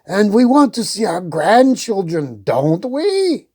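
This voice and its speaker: A woman voicing an excitable, pompous old king who squeaks and sputters when he shouts. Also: slow, slightly rough, heavily acted. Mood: bossy.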